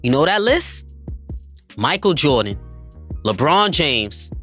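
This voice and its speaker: A man's voice: fairly high pitch, sing-song, takes it slowly, pushed and bright, faint music behind. A man hosting a basketball podcast, talking emphatically and hyping players up, calling his listeners family. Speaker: podcast host. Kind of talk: enthusiastic basketball commentary.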